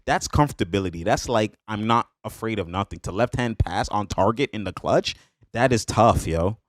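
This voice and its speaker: A man reacting to basketball highlights in a hyped, slangy way, laughing often and repeating catchphrases. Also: expressive, normal speed, no room sound, clean studio sound. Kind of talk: excited casual highlight reaction.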